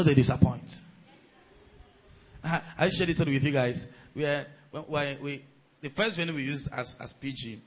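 Pastor guy preaching, husky bright voice, gets loud and shouty. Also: on the high side, low-quality recording. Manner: preaching with loud surges and shouts, then quiet storytelling. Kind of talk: sermon.

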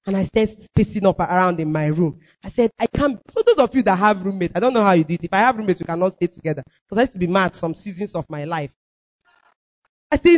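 A woman with a Nigerian accent gives a testimony sermon, her pitch leaping and falling all through. She drops to near-murmurs, then rises into loud declarations. The recording is dull and lo-fi. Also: fast. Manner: animated, swings from low murmurs to loud declarations. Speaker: preacher.

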